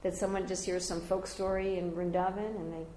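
A woman's voice: a little fast, a little hiss or hum. Older woman teaching a scripture class, echoey. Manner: animated storyteller, jumping high when quoting others. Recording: roomy echoey room.

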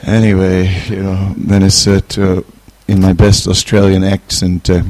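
A middle-aged man giving an informal spiritual talk, relaxed and hesitant, chuckling as he tells a personal story. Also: low-pitched, measured pace, no echo. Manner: relaxed, hesitant, chuckles while telling stories. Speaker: spiritual teacher.

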